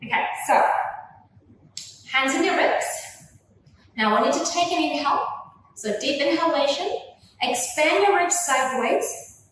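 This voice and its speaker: A young woman leading a gentle Pilates workout with slow, soothing cues, filmed on a camera from across the room. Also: high-pitched, expressive, a little hiss or hum. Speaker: Pilates instructor. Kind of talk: guided workout instruction. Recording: echoey room, voice from a distance.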